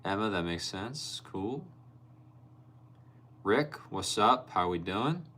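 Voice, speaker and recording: A man's voice: on the low side, animated, takes it slowly, sharp tone, husky. A young man hosting a casual livestream, reading viewer comments aloud and laughing often. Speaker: livestream host reading chat. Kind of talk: casual live-stream chat.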